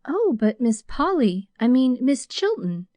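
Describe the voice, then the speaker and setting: A woman's voice: on the high side, animated, slow, darkish tone, no room sound. Woman doing a fussing, homely former maid. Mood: dismayed. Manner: entreating, soothing, homely speech.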